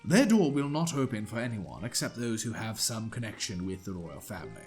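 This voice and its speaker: A man voicing a wise old male owl guide in a game, speaking slowly and solemnly. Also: on the low side, sing-song, darkish tone, soft background music, voice pushed down.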